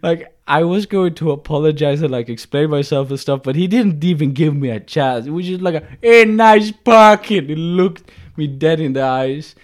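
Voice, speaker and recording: A man's voice: a little high, normal speed, dark tone. A man co-hosting a podcast, telling a story in casual chat with many restarts and fillers. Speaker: podcast co-host.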